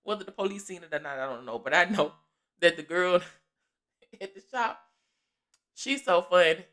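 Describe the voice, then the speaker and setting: A woman telling a story in a casual vlog, lively and laughing, acting out the people in it and calling listeners baby. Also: lowish voice, normal speed. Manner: animated, laughing often, acting out quoted voices; Southern Black American vernacular, calls listeners baby.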